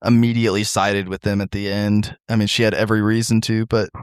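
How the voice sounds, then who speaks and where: A man's voice: fairly low pitch, level tone, fairly quick, smooth, dry recording, studio quality. A young man hosting a casual podcast, swearing freely, stammering into restarts and laughing often. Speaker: podcast host.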